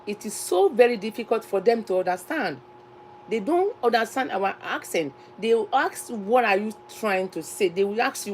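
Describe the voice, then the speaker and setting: A Nigerian woman speaks straight to her viewers in an earnest, repetitive way, circling back and restarting her sentences as she makes her point. Her voice sits at an ordinary middle pitch. A faint hum runs underneath the recording. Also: low-quality recording. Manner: earnest, repeats herself, restarts phrases. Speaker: cooking channel host. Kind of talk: casual talk to camera.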